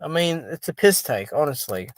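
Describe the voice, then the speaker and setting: A tired, sleepy man chatting casually on a live stream, reacting out loud and reading viewer comments. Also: on the high side, sing-song, moderate pace, no echo. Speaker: boxing stream host.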